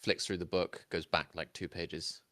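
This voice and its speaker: A man's voice: sits low, little pitch movement, normal speed, sharp tone, dry recording. A man voicing a polite, businesslike male library clerk in a tabletop game. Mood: formal. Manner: polite, formal and careful.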